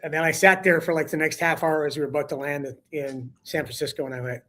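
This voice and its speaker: A man, a hockey broadcaster guest, telling a story on a talk show in an animated way and acting out quotes with a rising voice. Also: on the high side, fast, hardly any pauses.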